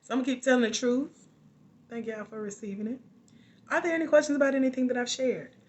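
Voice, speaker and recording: A woman life coach hosts a relaxed live stream from her home. She talks casually and with animation straight to her viewers. She breaks into laughter often. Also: high-pitched, fast talker.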